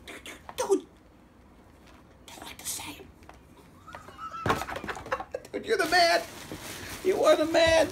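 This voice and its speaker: Excitable man with a high, lively voice. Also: slow pace, vocal fry, pauses often, background noise. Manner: excitable, exclaiming, swings between shouts and mutters. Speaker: vlogger unboxing fan mail. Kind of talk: excited unboxing vlog.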